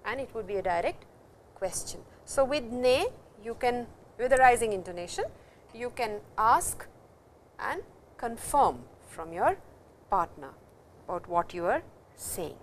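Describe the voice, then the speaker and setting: A middle-aged woman with an Indian English accent giving a patient, explanatory classroom lecture, repeating terms slowly. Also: fairly high pitch, big pitch swings, a little hiss or hum. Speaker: Japanese language teacher.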